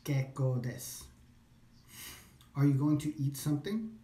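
A man works through a language course out loud, drawing phrases out slowly and repeating them. His voice is mellow and middle-pitched. The room around him gives it a noticeable echo. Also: expressive. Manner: repeats phrases slowly, thinks aloud, self-corrects. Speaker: language learner. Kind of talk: practicing along with a language course. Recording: echoey room.

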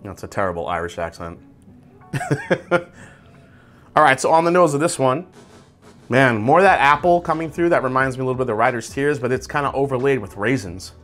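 A man hosting a casual whiskey tasting review, describing tasting notes aloud in a relaxed, conversational way. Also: medium pitch, fast, faint music behind. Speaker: whiskey reviewer, channel host.

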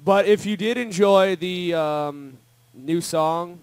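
A young man on a radio show talks about his band's upcoming release, hesitating and filling gaps with ums. His voice is smooth and fairly high, recorded close and dry. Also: slow pace, no room sound. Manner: rambling, hesitant, full of fillers. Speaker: band member guest. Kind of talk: casual radio chat.

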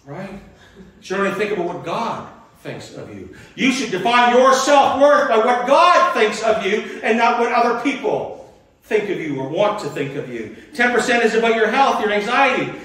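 An older male pastor with a fairly high, fairly bright voice gives a folksy, rambling sermon full of chuckles and restarts. He's very animated and speaks at a moderate pace, sounding a bit far from the mic as his words ring through a very echoey church hall.

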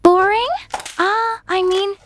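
A very high, squeaky voice for a gushing, attention-seeking young woman, played by a woman. She sounds fake-innocent and dramatic, in a storytime cartoon. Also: steady tone, takes it slowly, a little hiss or hum.

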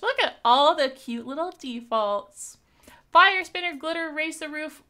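Streaming from what seems like home, an animated young Canadian woman chatters casually to viewers as she plays, quick to laugh and eager to thank them. Her voice sits slightly high and sounds very bright.

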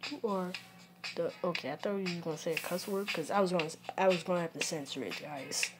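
A woman giving casual gameplay commentary, excitable and prone to yelps and shouts at the game, recorded with a phone screen recorder. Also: on the low side, fast talker, noisy background. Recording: game music playing underneath.

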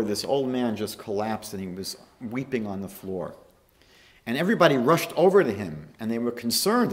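A man, a rabbi, giving a storytelling lecture on a holy day that rises to emphatic peaks. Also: medium pitch. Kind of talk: lecture sermon.

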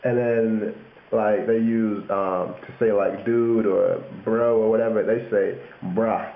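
A man's voice: fairly low pitch, steady tone, measured pace, creaky. A young man casually explaining slang on his video blog, joking and laughing as he goes. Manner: jokey, laughing, puts on mock London voices for examples. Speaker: YouTuber. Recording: echoey room, tinny lo-fi webcam audio.

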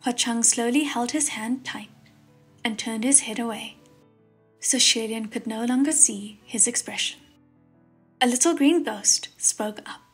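A woman narrating an audiobook at a steady, unhurried pace. Her voice is husky and breathy, pitched a little high, with faint piano music playing beneath. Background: soft piano music.

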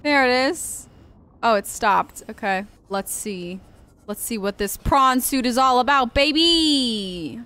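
A young woman gives lively gaming commentary to her viewers, excitable and quick to swear and shriek. Her voice is bright and fairly high, and her pitch swings widely from low mutters to sharp cries. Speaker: gaming streamer. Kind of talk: live game commentary.

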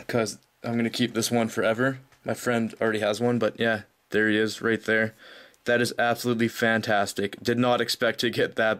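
A young man narrating a card pack opening off camera, talking casually and growing breathless with excitement. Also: fairly low pitch, smooth. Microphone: off-camera voice, hands at table.

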